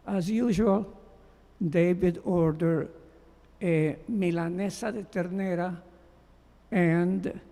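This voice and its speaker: A man giving a measured, heartfelt memorial tribute as a former doctoral student, reading prepared remarks. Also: high-pitched, creaky, mellow. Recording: long hall reverb.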